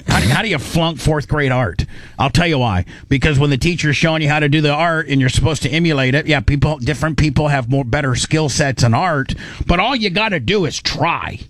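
Male host, casual chat, emphatic, a touch high, dry recording. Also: animated, brisk, a bit bright, no room sound. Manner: blunt, rambling, emphatic.

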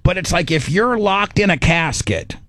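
A man's voice: high voice, expressive, normal speed, a bit bright, no room sound. A middle-aged man hosting a radio show, telling a story in a rambling, self-mocking way. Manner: rambling, self-mocking, acts out his own panic. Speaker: radio host. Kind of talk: casual on-air storytelling.

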